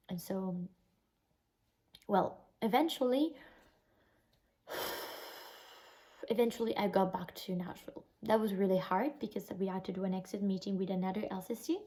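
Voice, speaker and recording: Young italian woman venting on her vlog, soft mellow tone, says like a lot. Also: medium pitch, a little slow, pauses often, poor audio. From Italy. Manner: emotional, recounting a bad experience, lots of "like" fillers. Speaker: vlogger. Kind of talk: casual storytelling vlog.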